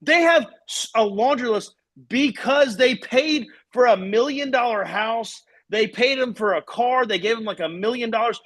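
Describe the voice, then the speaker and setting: A man's voice: very high voice, moderate pace, fairly bright tone. A man from co-hosting a live sports show, talking in a profane, ranting way. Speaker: podcast co-host. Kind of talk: casual sports talk.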